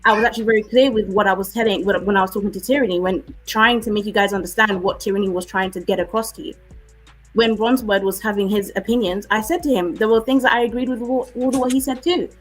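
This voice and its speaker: A woman with a British accent, arguing forcefully on a live-stream debate and often asking "okay?". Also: mid-range voice, fairly even intonation, fast, faint music behind, rough recording. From United Kingdom.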